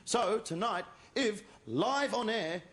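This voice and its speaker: A man performing a stand-up comedy routine, telling stories with animated delivery and shouted punchlines. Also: high-pitched, takes it slowly. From Australia. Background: audience laughter.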